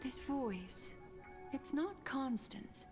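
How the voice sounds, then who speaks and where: A woman's voice: high voice, lively intonation, drawn-out words, full character voice. An actress playing a composed, wary young woman who keeps memories, in game audio with music behind.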